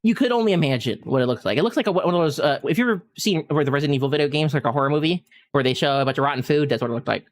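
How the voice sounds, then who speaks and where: A man's voice: on the high side, racing, hardly any pauses. A man telling a funny story in casual chat while streaming a game. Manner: animated anecdote-telling, often breaking into laughter. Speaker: gaming streamer.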